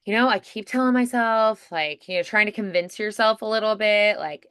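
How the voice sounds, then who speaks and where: Lady voice coach, lowish smooth voice, says "like" a lot, dry close mic. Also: brisk, hardly any pauses, fairly bright tone, dry recording. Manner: chatty, fills with "like" and "you know", acts out example lines. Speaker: voice acting coach. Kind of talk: casual coaching feedback.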